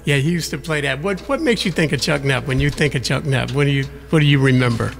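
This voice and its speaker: A man's voice: medium pitch, quick pace, creaky, big-room sound. An older man, a veteran DJ, tells wry anecdotes with laughter during a casual studio chat. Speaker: veteran radio DJ guest. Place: radio studio.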